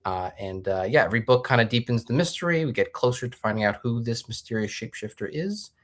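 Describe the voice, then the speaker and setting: A man's voice: mid-range voice, lively intonation, fast talker. A man guesting on a podcast, chatting casually and enthusiastically about his own comics over a video call, rambling a little. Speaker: guest, comic book creator. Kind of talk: casual chat.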